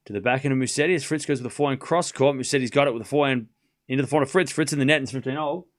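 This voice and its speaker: A man's voice: medium pitch, very fast. A man with an accent hosting a live tennis watchalong stream, calling points play by play in short bursts and replying to chat. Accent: non-native English accent. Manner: calls points in short bursts, swings up excitedly on big points. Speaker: livestream tennis watchalong host. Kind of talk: live play-by-play scoring commentary mixed with chat replies.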